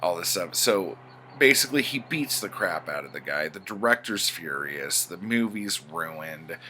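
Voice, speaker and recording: A man's voice: low-pitched, animated, a little slow, sharp tone, slight background noise. A man casually recapping pulp stories in a rambling, profane way, with plenty of fillers. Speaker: book reviewer.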